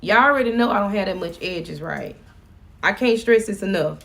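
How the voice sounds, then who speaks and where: A woman's voice: mid-range voice, normal speed, vocal fry, a bit bright. A middle-aged woman vlogging from home, chatting casually and laughing as she talks to her viewers.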